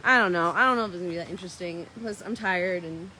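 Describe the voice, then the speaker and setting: A woman's voice: lowish voice, fast, background noise. A woman casually chatting to her viewers in a vlog, talking about surrender and going with the flow, and stopping to talk to dogs. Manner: chatty, spiritual, playfully talks to dogs. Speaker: vlogger.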